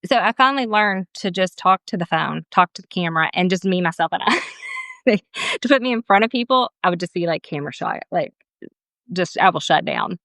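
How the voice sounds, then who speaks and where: This esthetician and business owner speaks a little fast in a lowish voice, recorded dry, as she tells stories during a relaxed interview. Laughter comes often, she chats freely, livens things up by quoting others, and admits she's camera shy.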